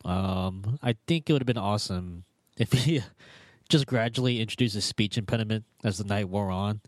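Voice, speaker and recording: Male podcast panelist, lower voice, dry close mic, halting delivery. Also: dry recording. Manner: halting, uses fillers, laughs mid-sentence. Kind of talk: casual chat.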